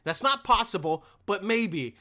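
A young man from Bosnia telling a crude, exasperated comic rant, breaking into sudden high-pitched outbursts. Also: lively intonation, unhurried, pushed and bright. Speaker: comedian. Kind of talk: stand-up style ranting monologue.

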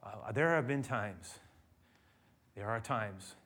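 Bright-voiced preacher man, expressive sermon. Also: on the low side, slow pace, slightly rough. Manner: expressive preaching, swinging from quiet storytelling to loud emphasis. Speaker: pastor.

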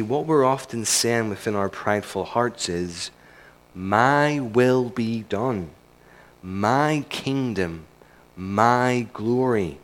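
Earnest man preaching a sermon. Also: fairly low pitch. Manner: earnest, emphatic, building points through repetition. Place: church service.

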